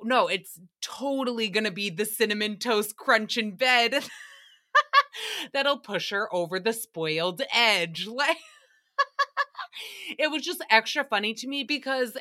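A young woman with a bright, forceful voice sitting a bit above the usual female range, chatting through a solo podcast recap. She talks in a sassy, irreverent way, swearing freely and acting out little quoted exchanges. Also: fairly high pitch. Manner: sassy, profane, quick asides and acted-out quotes. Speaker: podcast host. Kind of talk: casual solo recap commentary.

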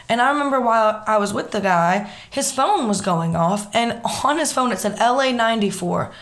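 A young woman telling a story in casual chat, animated and swearing freely. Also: a little high, fairly quick, few pauses.

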